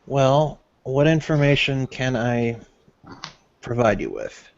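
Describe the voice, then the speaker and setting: Slow-talking male tabletop player. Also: medium pitch, very animated, creaky. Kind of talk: in-character tabletop play. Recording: dull lo-fi recording.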